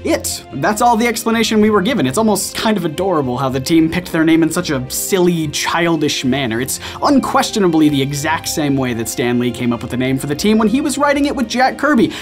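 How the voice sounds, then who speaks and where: A male video-essay host delivers scripted commentary with a lively, swooping pitch. His manner is playful and self-mocking. Faint music plays beneath him.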